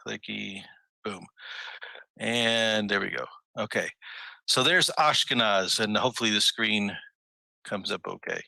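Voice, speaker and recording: A man's voice: on the low side, measured pace, vocal fry, pauses often, sharp tone, no room sound, rough recording. A man giving a casual history lecture on a video call, musing aloud and rising on rhetorical questions. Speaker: presenter of a history talk. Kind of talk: casual lecture over a screen share.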